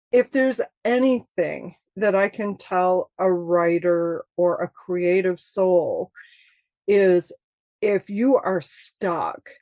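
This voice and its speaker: A woman's voice: medium pitch, no room sound. Woman from michigan talking about her travels, chatty, laughs a lot, dry close mic. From Michigan, USA. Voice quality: chatty, laughs often, animated storytelling. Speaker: author guest. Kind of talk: casual interview chat.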